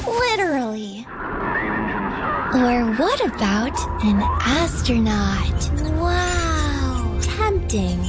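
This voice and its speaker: A childlike young puppy wonders aloud in a high, lilting, unhurried voice that swoops up and down. Light children's music plays behind her. The delivery is playful and musing, like a radio ad. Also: exaggerated voice. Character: hopeful young puppy wondering what to become. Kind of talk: scripted radio ad. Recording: music bed under the voice.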